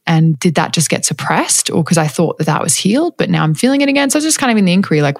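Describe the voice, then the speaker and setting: A woman's voice: on the low side, expressive, very fast, vocal fry, few pauses, no echo, clean studio sound. A woman casually telling a personal story, reflective and candid, with many fillers and restarts and light laughs. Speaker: storyteller sharing a personal spiritual experience.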